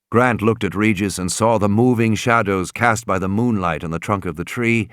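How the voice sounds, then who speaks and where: Expressive male audiobook narrator. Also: on the low side, no echo, clean studio sound. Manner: dramatic, expressive reading. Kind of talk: scripted narration.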